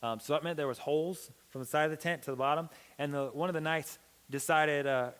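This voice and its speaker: A young man giving a youth sermon as a pastor, telling a story with lively acted-out dialogue. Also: fairly quick, clear, resonant tone. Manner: animated, acts out quoted dialogue with big pitch swings. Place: church hall. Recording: long hall reverb.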